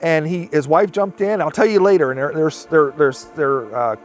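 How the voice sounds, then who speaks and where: A man's voice: fairly high pitch, normal speed, soft background music. Man retelling a story, rambling. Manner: rambling retelling with quoted speech. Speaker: interviewee recounting a sighting. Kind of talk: casual storytelling interview.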